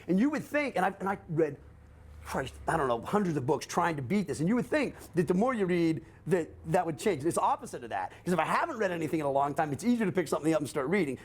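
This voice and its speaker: Older man, brisk, high-ish and lively delivery, profane storyteller. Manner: fast, animated, swearing often, acting out quotes. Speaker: guest recounting his life.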